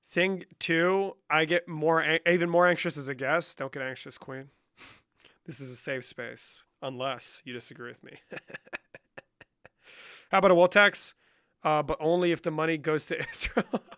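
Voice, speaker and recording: A man's voice: on the high side, fairly even intonation, normal speed, fairly bright tone, clear, resonant tone, no echo, studio quality. A young man hosting a livestream, reading chat questions and answering with profane, joking banter. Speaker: livestream host.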